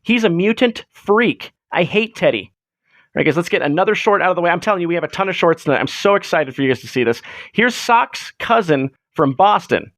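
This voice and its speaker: A man's voice: high voice, expressive, a little fast, a bit bright, dry recording. A man hosting a casual livestream on a close desk mic, chatting with viewers in a rambling way full of fillers. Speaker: livestream host.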